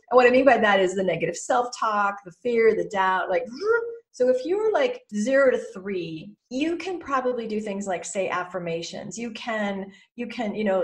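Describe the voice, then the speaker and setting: A woman in her fifties, a mentor and former therapist, talking in a podcast interview and acting out anxious inner voices. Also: medium pitch. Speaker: guest mentor.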